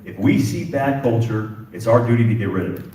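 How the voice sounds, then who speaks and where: Speaking fairly quickly in a lowish voice, a middle-aged police chief addresses a community symposium with passion, hammering home repeated phrases. The recording is very noisy, made with a distant mic in an echoey event hall.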